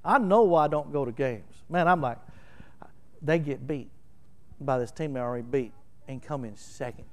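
A middle-aged man with a Southern Oklahoma accent preaching a sermon, telling folksy stories and swelling into loud, emphatic bursts as he explains scripture. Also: medium pitch, moderate pace. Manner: animated, folksy storytelling with laughter and emphatic swells. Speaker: pastor.

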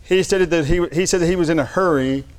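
Male preacher, fairly high voice, reads funny anecdotes aloud, then turns to earnest sermon. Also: quick pace. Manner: shifts between light storytelling and earnest preaching.

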